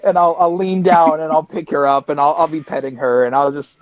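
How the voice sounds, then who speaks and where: Tabletop player, male, casual and talkative, slightly high voice, dull dry recording. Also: little pitch movement, normal speed, few pauses, dry recording. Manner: chatty, narrates own actions.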